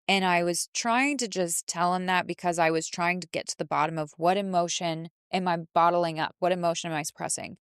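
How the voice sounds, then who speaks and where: Woman podcast host telling a personal story, candid, lots of restarts, kinda low voice, dry close sound. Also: fairly even intonation, a little fast, few pauses, smooth, no room sound. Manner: candid, emotional, many restarts.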